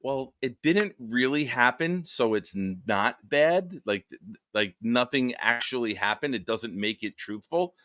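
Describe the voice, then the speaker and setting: A man's voice: medium pitch, expressive, a little slow, fairly bright tone, no echo, studio quality. Joking, crude male stream host. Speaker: show host. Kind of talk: casual live-stream banter.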